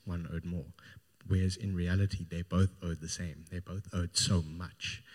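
A man's voice: low-pitched, a little mellow. A man preaching a sermon, retelling a Gospel story in an informal, storytelling way. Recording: long hall reverb.

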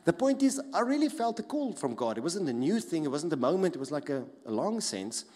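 A man preaching a sermon as pastor, animated, acting out mocking voices with big swings in loudness. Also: fairly high pitch, a little fast. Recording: long reverb of a large hall.

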